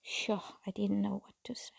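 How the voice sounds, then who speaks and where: A woman's voice: medium pitch, completely flat delivery, moderate pace, gravelly. A middle-aged woman telling her own story in a confiding, half-whispered voice. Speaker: storyteller recounting her marriage. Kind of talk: personal storytime monologue. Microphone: phone.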